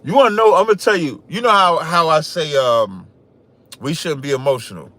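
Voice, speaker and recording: Loud, boastful male podcast host. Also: fairly high pitch, animated, brisk, dry recording. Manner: loud, boastful, trash-talking. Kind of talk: livestream commentary with scripture reading.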